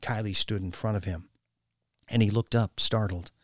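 Low-voiced male audiobook narrator. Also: fairly even intonation, moderate pace, dry recording, studio quality. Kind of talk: scripted narration.

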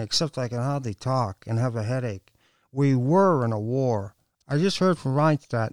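Tired dry young woman done by a male reader, smooth clean voice. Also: mid-range voice, no room sound, pitched above the performer's own voice, lightly acted. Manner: dry, wry. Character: weary, wry young woman detective. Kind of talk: audiobook dialogue.

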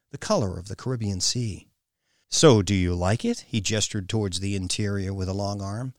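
A man narrating a novel, with an expressive, swooping delivery. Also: fairly low pitch, no echo, clean studio sound. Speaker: audiobook narrator. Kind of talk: scripted narration.

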